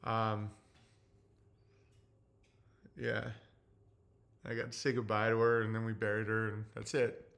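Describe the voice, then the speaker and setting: A man in his forties talks on his livestream with a bright, forward tone, tearful and halting. His speech stumbles through fillers and restarts, and he swears bluntly as he reads chat. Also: on the low side, completely flat delivery, creaky. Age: 40s. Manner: profane and blunt. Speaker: livestream host. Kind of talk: casual livestream talk reading chat.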